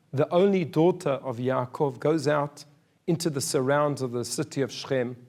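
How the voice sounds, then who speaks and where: A man's voice: medium pitch, darkish tone. A man, a rabbi, giving a sermon in an earnest, storytelling manner.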